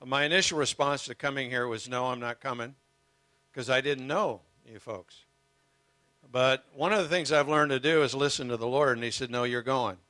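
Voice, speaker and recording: A man's voice: medium pitch, moderate pace, pushed and bright, no room sound. An older man preaching as a guest speaker, earnest and emotional, telling his story with humor. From United States. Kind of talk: sermon.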